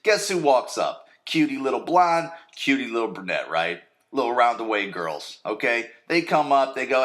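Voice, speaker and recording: A man's voice: mid-range voice, very animated, measured pace, few pauses, fairly bright tone. A man hosting a podcast, casually recapping a TV episode in a rambling, crude way and often checking in with "right?". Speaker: podcast host.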